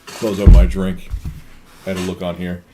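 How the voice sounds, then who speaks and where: A man's voice: sits low, monotone, normal speed, noisy background. A man live-streaming, telling a rambling story full of restarts and cussing while answering donations. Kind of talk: casual live-stream chat.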